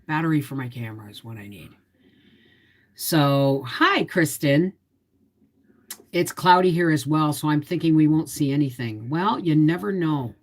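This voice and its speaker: A woman's voice: deep voice, normal speed. A woman in her fifties hosting a casual livestream, telling a rambling, confiding story to viewers while sounding emotionally tired. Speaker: homestead vlogger hosting a livestream. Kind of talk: casual live-stream chat.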